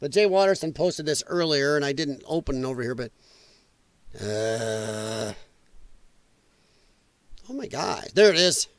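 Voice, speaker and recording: A man's voice: mid-range voice, expressive, a little slow, long pauses, dry recording. A man hosting a podcast livestream, rambling in casual commentary and reacting aloud to viewer chat. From United States. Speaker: podcast host.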